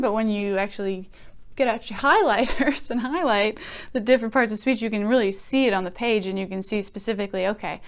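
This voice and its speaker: Thoughtful woman teaching poetry. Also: a little high. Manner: conversational, thoughtful, many fillers. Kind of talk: casual teaching with poem readings.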